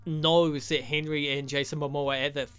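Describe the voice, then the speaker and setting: A man's voice: fairly high pitch, level tone, moderate pace, fairly bright tone, clean tone, faint music behind. A young man giving a rambling, profane, joking recap of a movie as a reviewer. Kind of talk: crude comedic movie recap.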